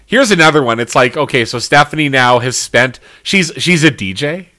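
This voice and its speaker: Dude riffing sarcastically on a bad tv show, swears a lot, laughs a bunch, plain mid voice. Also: male voice, mid-range voice, expressive, normal speed, bright, forceful tone. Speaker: podcast co-host reviewing TV. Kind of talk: casual chat.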